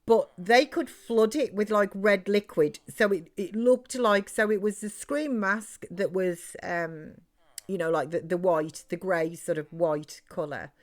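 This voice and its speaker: A woman's voice: mid-range voice, unhurried. A middle-aged British woman chatting loosely while streaming a game, rambling with many fillers and restarts. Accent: British English. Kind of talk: casual chat while live-streaming a game.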